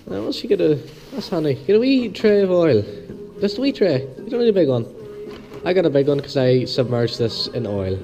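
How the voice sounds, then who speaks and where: A man with a hoarse voice from the flu, hosting a casual step-by-step engine repair tutorial, chatty and homely, repeating small instructions. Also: on the high side, mellow, low-quality recording. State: hoarse, losing his voice with flu. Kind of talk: casual step-by-step workshop demonstration.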